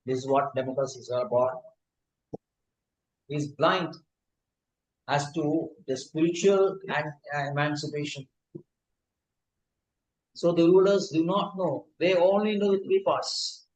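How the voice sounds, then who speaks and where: A man giving a scripture lecture, pausing often with fillers and restarts. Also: fairly high pitch. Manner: halting, frequent fillers and restarts. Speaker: spiritual teacher. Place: temple hall. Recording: echoey hall.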